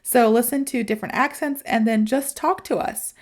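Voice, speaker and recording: An American woman hosts an easygoing podcast in a somewhat high voice. She talks in a chatty, personal way, often saying "you know" and picking up speed when something excites her. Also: normal speed. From United States. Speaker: podcast host. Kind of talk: casual podcast advice for English learners.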